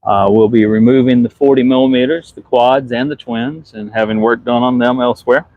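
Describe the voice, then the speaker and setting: A man with a Southern US accent talks casually through a live stream, filming from outdoors on a ship's deck. He answers viewer comments as he goes, in a voice of middling pitch, picked up by a handheld phone. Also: steady tone, fairly quick, hardly any pauses, no room sound, highs cut off. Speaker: ship superintendent.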